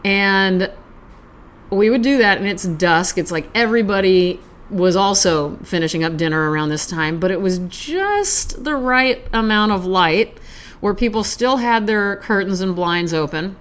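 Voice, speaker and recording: A woman hosting a poetry podcast, chatting casually in a calm, self-aware way before reading a poem aloud. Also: medium pitch, a little slow. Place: Los Angeles.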